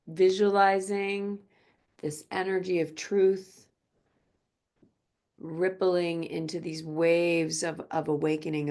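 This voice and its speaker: A woman teaching a gentle yoga class, speaking softly and slowly. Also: on the low side, vocal fry. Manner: slow, soft-spoken, drifts into quiet chanting.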